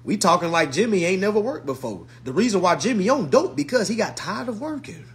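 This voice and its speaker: A man giving an emphatic, casual rant to camera, swearing and swinging from hushed to loud. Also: high-pitched, sing-song, a little fast. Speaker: vlogger.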